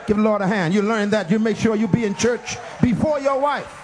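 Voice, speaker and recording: A male preacher. He swings between booming shouts, laughter and low teasing asides, pulling the congregation into call-and-response. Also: normal speed, a crowd in the background, noisy background. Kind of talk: sermon.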